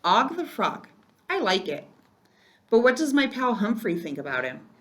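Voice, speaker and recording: A woman's voice: fairly high pitch, very animated, moderate pace, pitched above the performer's own voice. A woman reading aloud, voicing a cheerful, curious husband who asks eager questions in a children's story. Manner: eager, inquisitive, playful. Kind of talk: children's book read aloud.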